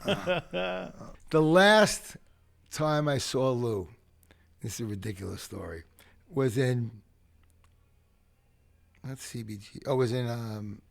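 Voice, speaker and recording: A man from the Bronx with a gravelly edge, talking at an everyday mid pitch. He tells his stories with animated, profane energy and acts out the people in them. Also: slow, pauses often. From the Bronx, New York. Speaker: podcast guest, punk rock singer. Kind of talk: casual storytelling interview.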